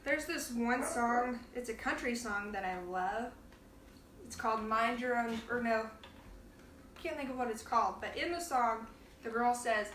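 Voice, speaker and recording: A woman's voice: a little high, unhurried, a bit bright, recorded from a distance, a little hiss or hum. A woman hosting a casual cooking demonstration in her home kitchen, chatting playfully and laughing often as she works. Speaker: cooking show host. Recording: roomy kitchen sound, from off the mic.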